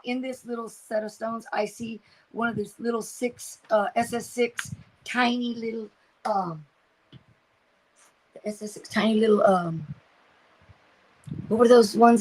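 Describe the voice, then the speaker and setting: Working on her crafts during a relaxed livestream, an older woman chats away and reads out comments from viewers, occasionally trailing off as she searches for the right word. Her pitch is medium, and the recording quality is low.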